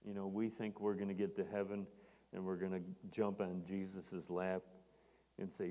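A man's voice: sits low, little pitch movement, normal speed, mellow, in a large hall. A man preaching a sermon in an earnest manner, growing emphatic when he quotes scripture.

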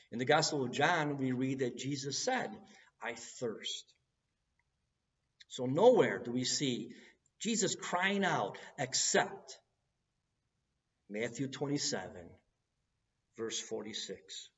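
A man preaching a sermon in an earnest way, building to loud cries at key moments. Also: medium pitch, animated, slow pace, pauses often, recorded from a distance, muffled recording.

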